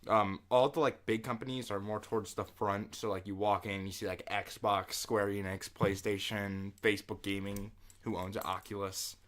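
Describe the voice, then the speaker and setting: A young man co-hosting a casual podcast, telling stories in an animated way, swearing and laughing often. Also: fairly low pitch, normal speed. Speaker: podcast co-host.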